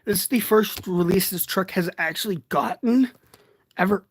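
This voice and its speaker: An eighteen-year-old man chatting casually from his bed during a livestream unboxing, rambling and excitable, and often poking fun at himself. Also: high voice, moderate pace. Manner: excitable, rambling, self-deprecating. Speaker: toy reviewer streaming.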